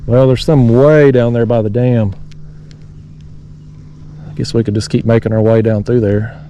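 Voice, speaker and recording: A fishing vlogger in a kayak on a lake below a dam talks casually to his viewers, rambling in a folksy way about his fishing. His mid-range voice is dark in tone and level, at a normal speed, with a little hiss or hum in the outdoor recording.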